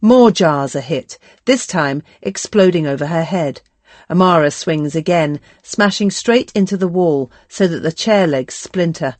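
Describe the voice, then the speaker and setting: Female audiobook narrator, lowish and measured, dry close read. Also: animated, darkish tone, dry recording. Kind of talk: scripted narration.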